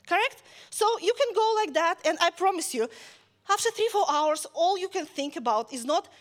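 High-voiced woman preaching conversationally. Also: moderate pace. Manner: lively storytelling that addresses listeners directly. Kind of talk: conversational sermon.

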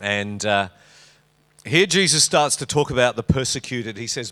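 A middle-aged Australian man preaching in a church auditorium. His pitch sits in an ordinary middle range, and his delivery is chatty and joking, with teasing banter aimed at the congregation. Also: animated, brisk, sharp tone. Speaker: pastor. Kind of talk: sermon.

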